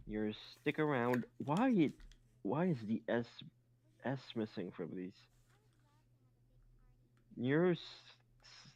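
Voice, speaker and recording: A man's voice: medium pitch, a little mellow, no echo, muffled recording. A man reading fan fiction aloud, stumbling on awkward grammar and making joking asides. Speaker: reader.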